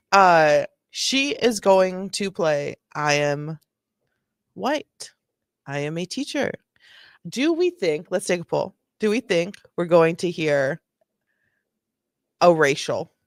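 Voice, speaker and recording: A woman's voice: medium pitch, no room sound, studio quality. A woman hosting a chatty, joking reaction commentary, laughing often. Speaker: host.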